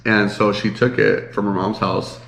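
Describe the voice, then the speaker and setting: Male podcast co-host, congested and nasal, low gravelly voice, rambling chat in an echoey room. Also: little pitch movement, moderate pace, fairly bright tone. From Chicago area. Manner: rambling, many fillers. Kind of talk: casual chat.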